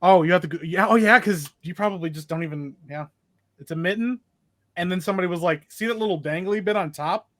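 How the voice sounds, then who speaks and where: A man hosts a loose, joking chat. His voice sits a bit high and is picked up dry, with no room sound. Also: fairly bright tone, dry recording. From Michigan, USA. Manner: joking, quick banter. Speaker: host. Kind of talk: casual chat.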